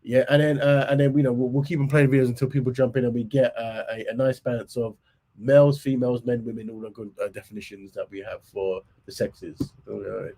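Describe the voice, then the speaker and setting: A man with a cold and a hoarse voice, hosting a live stream in casual chat, reading out points and muttering asides that trail off. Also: mid-range voice, level tone, a little fast, mellow. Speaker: livestream host.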